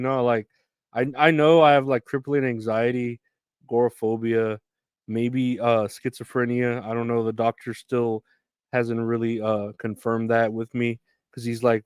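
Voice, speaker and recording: A man's voice: medium pitch, fairly even intonation, moderate pace, clean tone, dry recording. A man hosting his own podcast, rambling alone in a profane, meandering, self-deprecating way. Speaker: podcast host. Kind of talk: rambling solo podcast monologue.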